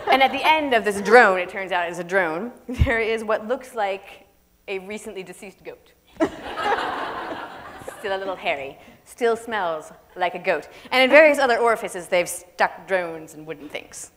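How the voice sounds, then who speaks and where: A woman author telling funny stories on an opera house stage, lively and laughing, into a stage microphone. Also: mid-range voice, normal speed. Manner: lively, laughing comic storyteller. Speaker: guest author. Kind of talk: onstage storytelling Q&A. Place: large opera house stage before audience. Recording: reverberant hall, faint noise.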